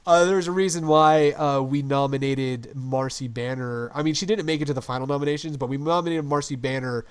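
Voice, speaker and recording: A young man co-hosting a podcast in casual chat, excitable and gushing, swearing freely as he talks. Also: mid-range voice, brisk, clear, resonant tone. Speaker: podcast co-host.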